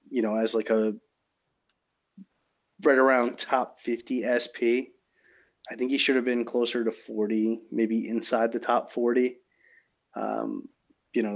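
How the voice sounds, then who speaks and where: Measured man steering a podcast. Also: fairly low pitch. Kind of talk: casual podcast chat.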